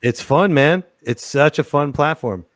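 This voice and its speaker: A man's voice: fairly high pitch, measured pace, no echo. Laid-back podcast host man, dry sound. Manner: laid-back, laughs along, short backchannel replies. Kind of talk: casual interview.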